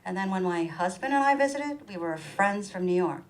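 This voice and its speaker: A middle-aged woman delivers a stand-up comedy set in a small performance room. She is animated and storytelling, her pitch leaping up sharply whenever she acts out someone else's words. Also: normal speed, slight background noise, low-quality recording. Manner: animated, acts out quoted voices with big pitch jumps.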